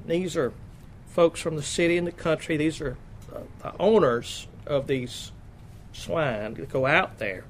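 A man's voice: fairly high pitch, measured pace, slight background noise. A man preaching a sermon, reading scripture aloud and stopping to explain it in plain asides. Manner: reads King James verses then explains them in plain asides.

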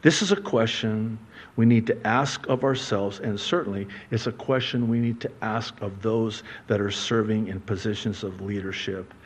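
Slow, dramatic male preacher. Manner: dramatic, swings from hushed low asides to loud high exclamations; animated storytelling with rhetorical questions. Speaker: pastor. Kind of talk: sermon.

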